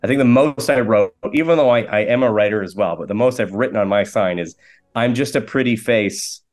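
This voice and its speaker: Canadian guy in his 40s telling rambly self-deprecating jokes, lowish voice. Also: fast, a little mellow. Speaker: guest, actor and comedian. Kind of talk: casual interview chat.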